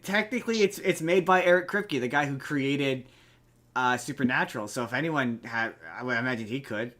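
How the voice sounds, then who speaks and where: Bright-voiced male podcast host. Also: mid-range voice, fairly quick. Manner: chatty, trails off mid-thought. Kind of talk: casual chat.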